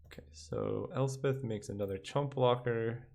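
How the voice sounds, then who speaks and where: A man's voice: medium pitch, fairly even intonation, unhurried, creaky, a little mellow. A young man giving casual commentary while playing a digital card game, thinking aloud and counting under his breath.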